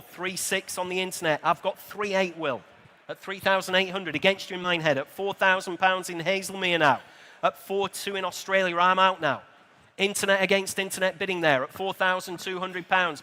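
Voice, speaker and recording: A man working as an auctioneer, briskly calling bids at a live sale in a large exhibition hall, with dry asides to the room. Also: sits high, bright, forceful tone.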